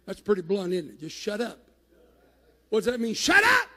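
A man preaching a sermon in a church, shouting at his peaks and dropping low in between. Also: fairly quick, in a large hall. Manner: rising to shouted climaxes, then dropping low. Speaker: pastor. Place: church sanctuary.

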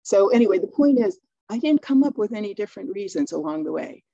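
Chatty middle-aged woman with a mellow voice. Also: mid-range voice, expressive, fast talker, creaky, no room sound, dull audio. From Maine. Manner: chatty storytelling, acting out dialogue. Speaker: speaker. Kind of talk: webinar talk.

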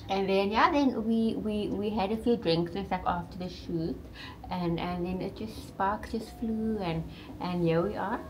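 A woman's voice: mid-range voice, takes it slowly, slight background noise. A woman from South Africa in casual chat, talking freely with lots of "like" and "you know" and laughing often. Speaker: co-host, partner of the channel host. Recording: background music under the voice. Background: music.

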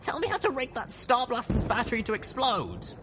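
A man voicing a fierce young unicorn mare who shouts orders, in a storybook reading. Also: very high voice, huge pitch swings, a little fast, background noise, voice pushed up, full character voice. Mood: commanding.

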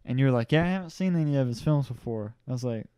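A man's voice: mid-range voice, animated, racing, mellow, clear, resonant tone, no echo. A young man hosting a casual interview with a friend, chatty and jokey, laughing often. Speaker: host.

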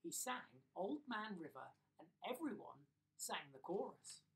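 Middle-aged man, bedtime storyteller, animated, chuckles, from a distance. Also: sits high, measured pace, gravelly. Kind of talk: reading a children's bedtime story live. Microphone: phone or laptop on a live video stream.

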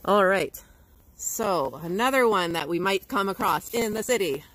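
A woman's voice: medium pitch, lively intonation, moderate pace, a bit bright, rough recording. A woman educator giving a playful livestream nature lesson to schoolchildren. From Canada. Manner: bubbly, playful, imitates bird calls.

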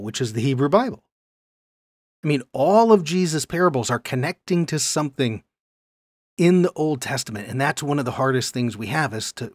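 A man teaching a Bible lesson on video in an animated way, often checking in with his listeners. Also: medium pitch, dry recording, studio quality.

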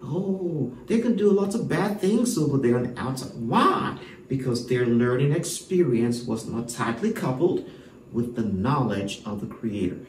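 A man's voice: medium pitch, expressive, measured pace, a little mellow, recorded from a distance, slight background noise. A man teaching a homeschool English lesson to children, emphatic and full of rhetorical questions. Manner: emphatic, rhetorical questions, frequent "all right". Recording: echoey room, voice from off-mic.

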